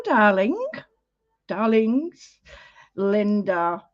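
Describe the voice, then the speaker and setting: A woman's voice: medium pitch, animated, measured pace, pauses often, highs cut off. A woman, hosting a casual livestream art lesson, chatty and full of greetings, often interrupting herself. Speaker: art class host.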